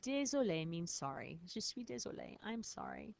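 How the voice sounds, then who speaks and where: A woman's voice: medium pitch, big pitch swings, moderate pace, vocal fry, darkish tone, no echo. A woman teacher patiently explaining French phrases in a recorded lesson, spelling words out.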